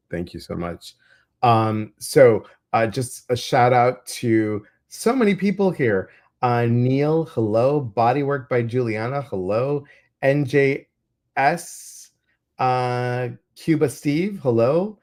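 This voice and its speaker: Chatty man co-hosting a livestream. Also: mid-range voice. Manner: animated storytelling, acts out his own reactions. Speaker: co-host of a weekly intuitive live show. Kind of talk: casual livestream chat.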